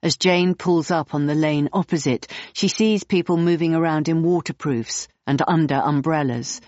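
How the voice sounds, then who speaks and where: A woman narrating an audiobook in the third person, steady and clear. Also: low-pitched, normal speed, no room sound, highs cut off.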